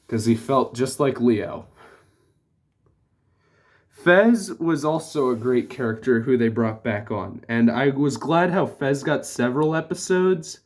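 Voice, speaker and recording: Male reviewer, offhand rambling delivery, average pitch. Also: darkish tone. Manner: rambling, full of "like" and restarts. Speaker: TV show reviewer. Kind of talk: casual spoken review.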